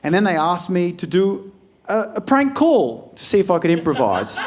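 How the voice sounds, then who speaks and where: Young Australian male stand-up, deadpan and blunt, very animated pitch. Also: normal speed, crowd noise. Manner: blunt, deadpan asides with sudden loud outbursts. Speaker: stand-up comedian. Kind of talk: stand-up set. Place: comedy club stage with audience.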